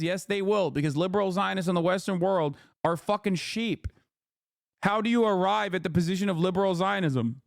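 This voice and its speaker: A man's voice: sits high, brisk, gravelly, no echo, clean studio sound. A man commenting live on his stream, heated and profane, rambling through his points as he reacts. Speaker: livestream commentator. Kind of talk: casual political commentary.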